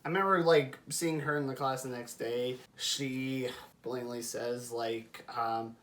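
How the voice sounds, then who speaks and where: A young adult man vlogs at a measured pace in a mid-range voice. He chats casually through a personal story, animated and talkative, laughing as he goes.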